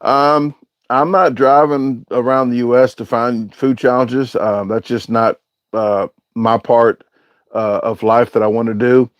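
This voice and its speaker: A man's voice: medium pitch, flat delivery, measured pace, no echo. A man hosting a casual livestream, reading out viewer comments and answering them in a rambling, hesitant way with lots of filler sounds. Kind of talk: casual live-stream chat.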